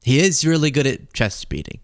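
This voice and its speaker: Sarcastic, animated male podcast host. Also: mid-range voice, brisk, dry recording, studio quality. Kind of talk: political commentary.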